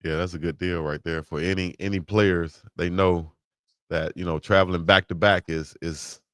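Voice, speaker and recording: Deep-voiced joking sports show co-host man. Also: fairly even intonation, moderate pace, a bit bright, dry recording, studio quality. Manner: joking, trash-talking banter. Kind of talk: casual sports talk show chat.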